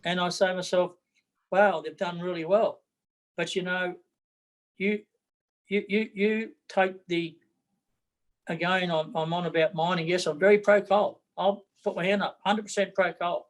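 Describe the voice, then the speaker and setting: A middle-aged Australian man running for office speaks bluntly in an interview, repeating his words as he goes. His voice sits high with fairly even intonation, and he talks at a measured pace with long pauses. The audio is poor.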